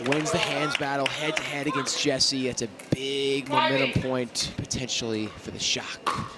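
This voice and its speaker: A man calling pickleball live from courtside, gushing about the players and getting loud on big points. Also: mid-range voice, level tone, moderate pace. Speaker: pickleball commentator. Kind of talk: live sports commentary. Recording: loud crowd and noise. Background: crowd and court noise.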